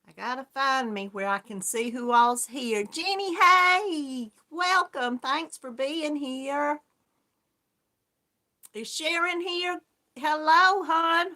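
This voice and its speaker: Slow-talking woman, bright and lively. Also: high voice. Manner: chatty and homey, calls viewers hon. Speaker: crochet livestream host. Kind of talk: casual livestream chat greeting viewers.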